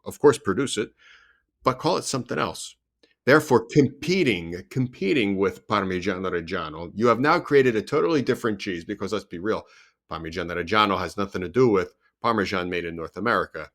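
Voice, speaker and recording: Male podcast host, low voice, emphatic and insistent, pressing his point with questions. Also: animated, brisk, fairly bright tone. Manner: emphatic, argues by repeating questions. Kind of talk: casual interview chat.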